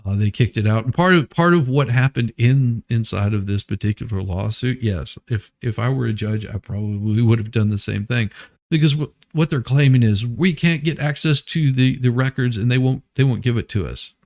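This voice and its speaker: A man's voice: mid-range voice, normal speed, a little mellow. A man hosting a casual news commentary stream, rambling and restarting his sentences as he laughs at absurd claims. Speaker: host.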